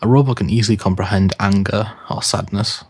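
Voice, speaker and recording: Husky man chatting at a game table. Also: on the low side, fairly even intonation, a little fast, a little mellow. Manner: laughing, rambling. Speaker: player. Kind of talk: casual chat.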